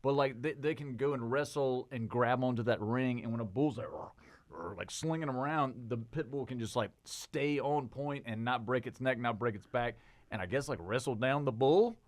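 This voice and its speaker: A young adult man hosting a podcast, telling stories in a casual, slangy, animated way. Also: medium pitch, normal speed, no echo. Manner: animated storyteller, slangy, laughs often. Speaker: podcast host. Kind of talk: casual interview chat.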